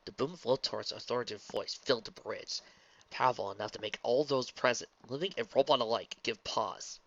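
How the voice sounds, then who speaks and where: A man reading a fanfic story aloud as narrator, in a quick, lively manner. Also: medium pitch. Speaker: fanfic reader. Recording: dull lo-fi recording, dry.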